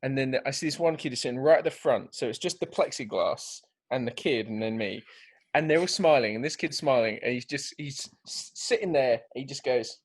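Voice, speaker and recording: Husky-voiced man telling a rambling story. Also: medium pitch, fairly quick. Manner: rambling, restarts, builds to excited outbursts. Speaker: podcast co-host. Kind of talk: casual podcast storytelling.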